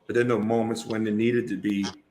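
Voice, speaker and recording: A fairly low-pitched male voice with flat delivery and a darkish tone moves at a moderate pace over a little hiss or hum. The speaker, a guest actor on a podcast, chats casually in an interview, rambling through long stories with frequent restarts.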